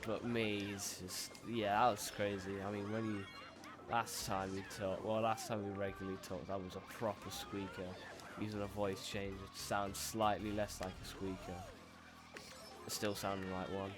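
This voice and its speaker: A man's voice: on the low side, level tone, moderate pace, music in the background. A young man streaming and chatting casually while gaming, laid-back and rambling, often restarting his sentences.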